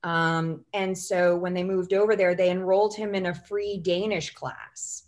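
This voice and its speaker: A woman's voice: fairly low pitch, steady tone, measured pace, a little mellow. Chatty woman guest telling stories. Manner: chatty storyteller, frequent "you know" and "like". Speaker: podcast guest, writer and goals coach. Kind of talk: casual interview chat.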